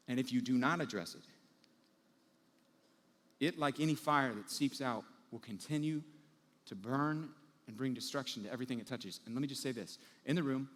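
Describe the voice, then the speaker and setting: A man preaching a sermon as pastor, telling everyday scenes with lively acted-out moments. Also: mid-range voice, in a large hall. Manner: animated storytelling, acting out everyday scenes.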